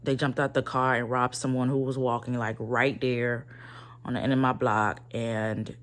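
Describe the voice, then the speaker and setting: A woman's voice: a bass voice, steady tone, normal speed. A woman vlogging from bed at home, venting in casual, profane talk.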